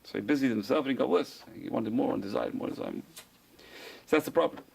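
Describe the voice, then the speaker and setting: A man's voice: medium pitch, quick pace, vocal fry, a little mellow, slightly rough. A man, a rabbi, giving an informal Torah class, repeating phrases for emphasis and answering his own questions.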